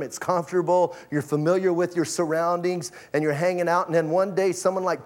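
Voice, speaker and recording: Guy preaching a sermon, pretty high voice, chatty and animated, does little voices for people. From Arizona. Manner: conversational, animated, acts out the people in his stories. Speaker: pastor.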